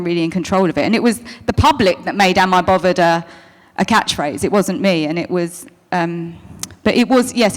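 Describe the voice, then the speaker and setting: A woman answering fan questions at a convention, chatty, stopping and restarting, calling people darling. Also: on the low side. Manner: chatty, self-interrupting, calls people darling. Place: convention hall stage. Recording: long hall reverb.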